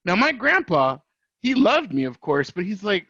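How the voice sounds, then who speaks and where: A man's voice: sits high, very animated, normal speed, creaky, sharp tone, breathy edge, dry recording. A man hosting a podcast, telling a childhood story in casual chat, cursing and laughing, slipping in Spanish phrases. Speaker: podcast host. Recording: dry, dull lo-fi audio.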